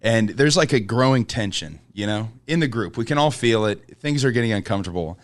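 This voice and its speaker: A man's voice: on the low side, brisk, no echo. Laughing comedian man telling stories. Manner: animated storyteller, laughing often mid-sentence. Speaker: comedian guest. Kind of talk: casual podcast chat.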